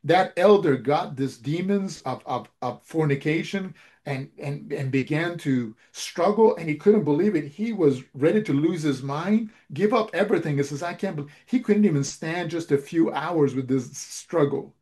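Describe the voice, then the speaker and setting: A man's voice: on the high side, expressive, normal speed, dark tone. A man preaching a sermon, retelling a story and acting out its dialogue, with frequent restarts.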